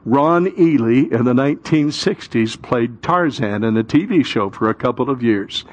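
A male pastor preaching a sermon, building to loud emphatic peaks and calling the congregation to repeat after him. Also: medium pitch, animated, moderate pace.

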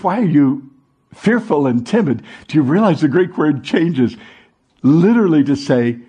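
A male pastor delivers an animated sermon, tossing questions out to the congregation and waiting for them to answer back. His voice sits high and sounds husky, and he rides big swings in pitch. He paces himself slowly and leans hard on the words that matter. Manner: animated preaching with call-and-response questions.

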